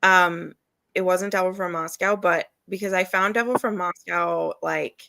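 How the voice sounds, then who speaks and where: A woman's voice: fairly low pitch, steady tone, a little slow, vocal fry, pushed and bright, no echo. A woman hosting a live reading stream, chatting casually and laughing often as she gushes about books. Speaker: readathon host.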